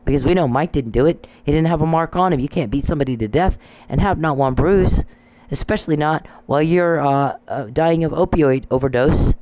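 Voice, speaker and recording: A woman's voice: low voice, brisk, warm tone, no echo, rough recording. A woman talking in an angry, rambling monologue, combative and profane, with frequent restarts.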